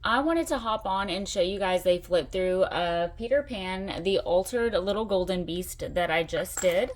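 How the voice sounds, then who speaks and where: A woman's voice: medium pitch, measured pace. A middle-aged woman hosting her own craft channel, chatting enthusiastically through a casual show-and-tell vlog.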